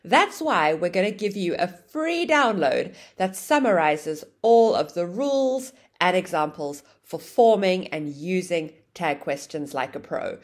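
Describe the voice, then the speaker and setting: A woman teaching an online English grammar lesson, explaining with a lively, sing-song intonation. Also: fairly low pitch, measured pace, hardly any pauses.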